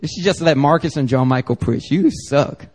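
A man's voice: a little high, moderate pace, darkish tone, natural voice. A man voicing a scornful male devil who mocks and belittles the listener in a sermon. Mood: mocking. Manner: mocking, belittling.

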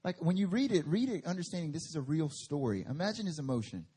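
A man's voice: on the high side, very animated, fast talker, few pauses, dark tone, slightly rough. A male pastor preaching a sermon at a church service, conversational with emphatic bursts.

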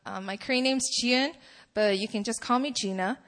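A woman's voice: on the high side, moderate pace, a bit bright. A woman in her twenties, a student, praying and then speaking casually to a campus fellowship group, with frequent laughs. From Poland. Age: 20s. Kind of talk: opening prayer and talk to a student group.

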